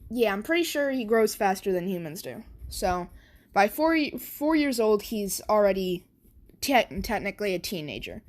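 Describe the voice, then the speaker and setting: A woman tells a story in a casual, rambling way, often stopping to correct herself. Her voice sits fairly high. Her pitch moves around a lot as she talks. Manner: rambling, full of fillers and self-corrections.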